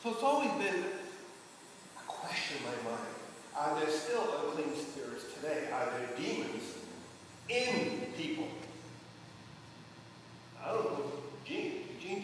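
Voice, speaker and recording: A man's voice: high-pitched, animated, a little slow, slight background noise. A man leading an informal Bible study, talking in a rambling, conversational way with many restarts and asides. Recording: echoey hall from far off.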